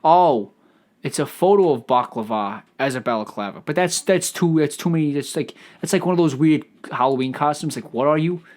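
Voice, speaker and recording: A man hosting a solo comedic podcast, riffing out loud in a profane, stammering ramble. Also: on the high side, brisk. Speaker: podcast host.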